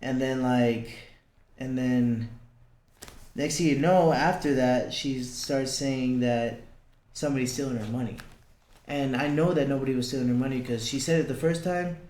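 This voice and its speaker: A man's voice: medium pitch, normal speed, a little mellow. A young man telling a personal story as a podcast guest, blunt and swearing, acting out the lines he quotes. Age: young adult. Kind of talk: casual storytelling. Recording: roomy echo.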